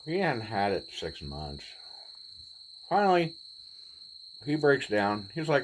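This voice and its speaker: A man in his forties, telling a personal story in a laid-back, rambling way with pauses. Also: medium pitch, wildly swooping pitch, slight background noise, low-quality recording. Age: 40s. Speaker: vlogger. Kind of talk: casual storytelling.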